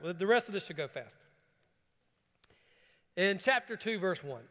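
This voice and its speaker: A man preaching a sermon, swinging from calm scripture reading to rising, emphatic bursts. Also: fairly high pitch. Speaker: pastor. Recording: long hall reverb.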